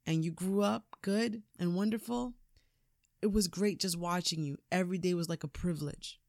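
A woman voicing an aging boxer father, giving his grown son an earnest, rough-spoken talk. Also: on the low side, moderate pace, a little mellow, no room sound, studio quality. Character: aging boxer father, tough, tender and plainspoken.

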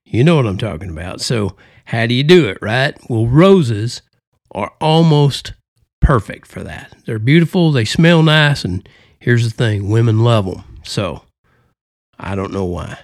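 A man's voice: medium pitch, lively intonation, measured pace, no room sound, clean studio sound. A man hosting a podcast, talking in a folksy, rambling and joking way with a put-on Southern drawl. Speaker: podcast host. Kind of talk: folksy casual monologue.

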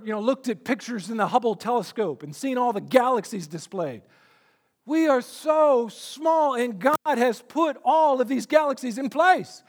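A man's voice: very high-pitched, fairly bright tone. A male pastor preaching a sermon, earnest and emphatic, often repeating words as he builds a point.

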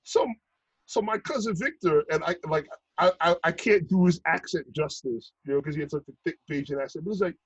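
A man's voice: on the high side, a little fast, slightly rough, no echo, highs cut off. A man, talking casually and swearing freely as he tells stories. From Brooklyn, New York. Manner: profane, animated storyteller. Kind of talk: casual chat.

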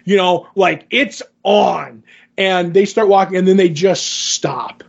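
A man co-hosting a podcast, retelling a show scene by scene in an animated, casual way. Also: high-pitched, slow, vocal fry, dull audio. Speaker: podcast co-host. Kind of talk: casual podcast chat recapping an episode.

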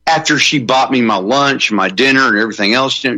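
A man's voice: medium pitch, fast talker, pushed and bright, no room sound, rough recording. A man who is a comedian guest on a radio talk show, joking in a rambling way with many fillers.

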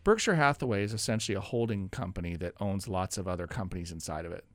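A man's voice: low voice, expressive, fast, no room sound. Dry-voiced man explaining investing. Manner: explanatory, lots of restarts and laughs. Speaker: co-host. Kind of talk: casual radio show chat.

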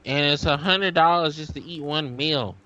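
A man's voice: on the high side, moderate pace, sharp tone, highs cut off. A man co-hosting a movie commentary podcast, wisecracking and cursing in casual chat. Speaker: podcast co-host.

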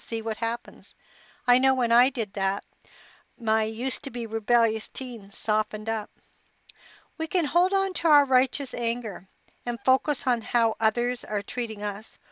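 A woman's voice: fairly high pitch, a bit bright, no echo. A middle-aged woman hosting a motivational podcast in an upbeat, encouraging, inspirational way. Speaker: podcast host. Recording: dry, dull lo-fi podcast audio.

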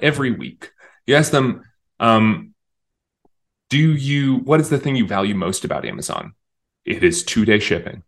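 A man's voice: medium pitch, fairly bright tone. A man in an interview explaining his views in a talkative, emphatic way, often restarting his sentences. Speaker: interview guest, communications director. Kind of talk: conversational interview.

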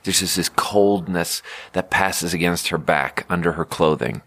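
Telling a rambling comic story as a monologue, this thirty-something podcast host keeps correcting himself and tossing in sarcastic asides. He speaks unhurriedly in a deep, slightly bright voice, with no echo.

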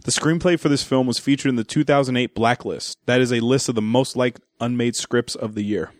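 Male podcast host, rattles off game rules fast, dry close mic. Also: medium pitch, steady tone, no echo. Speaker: podcast host running the quiz. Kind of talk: casual podcast banter.

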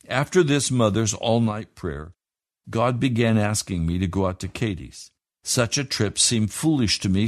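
A man reading a story aloud to children, slowly and earnestly. His voice sits at a mid pitch. The recording is dry and close, with no room sound. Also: dry recording.

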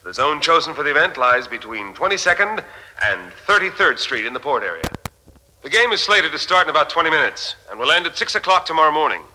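A man's voice: on the high side, big pitch swings, quick pace, sharp tone, slight background noise, exaggerated voice, rough recording. An actor playing a polished male TV announcer who hypes a deadly future game show. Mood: promotional. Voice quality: polished, promotional delivery. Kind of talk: broadcast announcing.

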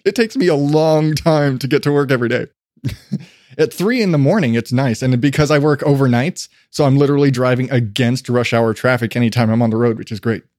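A man's voice: mid-range voice, brisk, a little mellow, no room sound. A man in casual podcast chat who talks with wry, dry humor.

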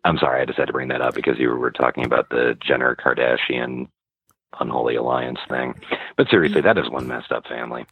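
A laid-back, jokey man on a podcast with an extremely deep, husky voice. He comes through thin and tinny, like a phone line, with a dry sound. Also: steady tone, fast, no echo. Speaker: podcast co-host. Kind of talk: casual chat.

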